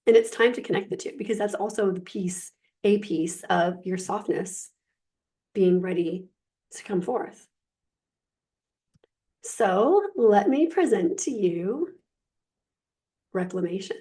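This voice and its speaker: A woman coach talking casually about softness and emotions, lively and emphatic, full of filler words and rhetorical questions. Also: mid-range voice, slow, pauses often. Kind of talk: casual spiritual coaching talk.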